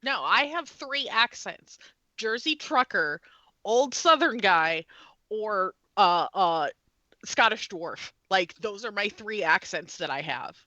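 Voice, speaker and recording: Bubbly woman on a gaming podcast, super bright and bouncy voice, dry close sound. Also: mid-range voice, expressive, slow, no room sound, muffled recording. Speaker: podcast co-host, game master. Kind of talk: casual chat.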